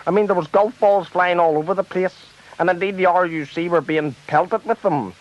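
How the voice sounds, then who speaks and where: A flustered Northern Irish TV presenter, played by a man, fusses to keep order in a rowdy debate. His voice is pitched high, and the recording sounds dull and lo-fi. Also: moderate pace, lightly acted. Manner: fussy, trying to keep order.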